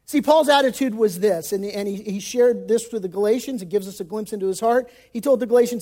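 High-voiced pastor preaching folksy. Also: male voice, fast, hardly any pauses. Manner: folksy, emphatic preaching with casual slang; shifts between loud emphasis and hushed, quiet passages. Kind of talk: sermon.

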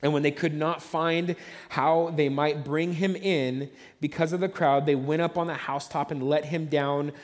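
A man's voice: a little high, steady tone, normal speed, in a large hall. A man preaching a sermon as pastor, telling the story conversationally and acting out the voices of the onlookers.

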